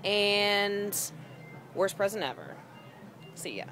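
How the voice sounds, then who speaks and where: A woman's voice: medium pitch, sing-song, slow. A woman leaving a playful, teasing message on a home video in a busy restaurant. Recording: home video with crowd and music.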